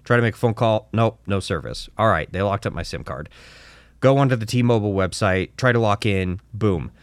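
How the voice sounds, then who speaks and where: Man, low voice, dry close sound, animated storytelling, casual podcast chat, swears a lot. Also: fairly quick, dry recording. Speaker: podcast co-host.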